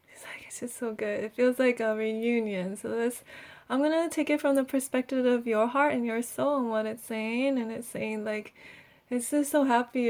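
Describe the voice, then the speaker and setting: A young woman guides a healing meditation in a fairly high, soft voice. She speaks breathily and unhurriedly, trailing off and giggling now and then. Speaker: energy healer.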